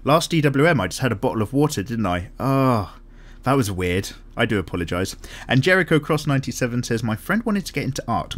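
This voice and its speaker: A man chats casually while he draws, reading out viewer comments and wandering off on side tangents. His pitch swings up and down a lot around a middle register. He talks in an upbeat, self-deprecating way with plenty of ums. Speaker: art channel host.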